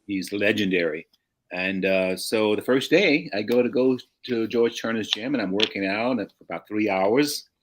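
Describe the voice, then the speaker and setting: Older man telling stories, low voice. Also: moderate pace. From St. Louis, USA. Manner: rambling anecdotes with frequent restarts, chuckles. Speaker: guest. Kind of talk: casual storytelling.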